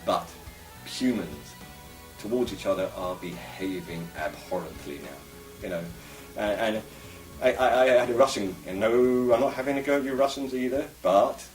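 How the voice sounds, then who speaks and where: With soft music in the background, a man from England vlogs to camera at a moderate pace, his voice on the low side. His casual monologue is rambling, reflective and opinionated, recorded from a distance with a roomy echo.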